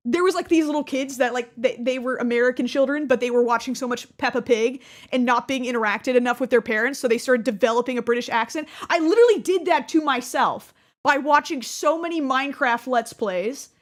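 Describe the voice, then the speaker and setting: Chatty high-voiced woman. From Texas. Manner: chatty, many fillers and quick self-mocking asides. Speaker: gaming creator. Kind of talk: casual reflective chat.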